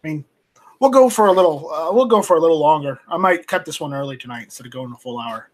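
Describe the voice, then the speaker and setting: A man hosting a casual live stream off camera, reading viewer chat aloud and talking in a halting, rambling way with many restarts. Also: fairly high pitch, expressive, a little mellow. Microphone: home streaming mic, voice only, off camera.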